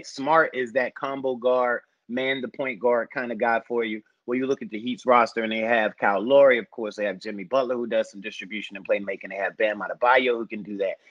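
A man talking basketball in a relaxed, rambling conversational way, musing over players and roster fits. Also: medium pitch, no echo, muffled recording. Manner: thoughtful, rambling with fillers. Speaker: basketball podcast analyst. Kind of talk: casual sports discussion.

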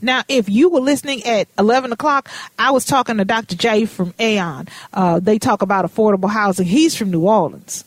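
A woman's voice: mid-range voice, a little fast, no room sound. A woman hosting a radio talk show, chatty and personal, calling her guest honey and baby. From Minnesota. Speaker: radio host.

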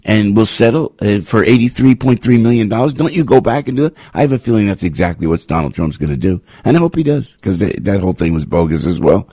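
A male radio host delivering a rambling, sarcastic monologue full of mocking rhetorical questions and sudden leaps up in pitch. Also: lively intonation, fast, hardly any pauses, dark tone, no echo, clean studio sound. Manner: rambling, with frequent restarts and asides.

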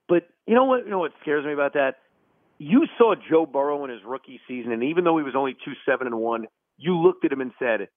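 Over a tinny phone line, a man who hosts sports radio gives forceful, opinionated views as a guest in an interview, breaking into animated bursts. His mid-range voice carries no room sound.

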